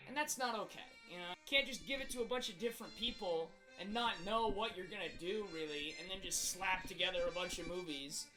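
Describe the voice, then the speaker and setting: A man doing a high-voiced, ranting hothead. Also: fairly quick, hardly any pauses, bright, forceful tone, soft background music, poor audio. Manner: exasperated, ranting, rhetorical questions. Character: hot-tempered young man, exaggerated angry self. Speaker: video creator. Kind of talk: comedic rant.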